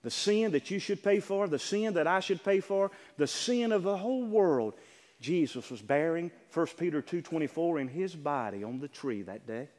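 A man preaching from the pulpit, his fairly high voice rising to fervent peaks and dropping to near-whispers. The sanctuary lends his words a long, lingering reverb. His delivery is dynamic and heartfelt. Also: lively intonation, moderate pace. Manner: dynamic preaching, swinging from loud to hushed. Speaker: pastor. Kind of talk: sermon. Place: church sanctuary. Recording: church hall reverb.

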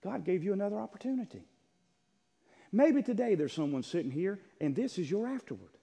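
A man's voice: high-pitched, lively intonation, brisk, creaky, breathy edge. Impassioned preacher man in an echoing hall. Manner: impassioned preaching, voices God's words, swings from shouting to hushed. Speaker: pastor. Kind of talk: sermon. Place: church sanctuary. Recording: long echo of a large hall.

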